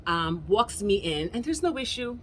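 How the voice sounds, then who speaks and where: A woman's voice: mid-range voice, sing-song, moderate pace, slight background noise. An American woman vlogger tells a story straight to camera in a casual, emphatic way, often calling out to her viewers as "y'all". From United States. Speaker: travel vlogger.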